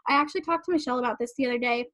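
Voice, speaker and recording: A young adult woman with a bright, high voice runs a live online summit as a life coach, talking casually to attendees on a live stream. She gushes in a fast, rambling, bubbly rush, effusive toward her listeners, and her voice comes through a computer microphone on a video call.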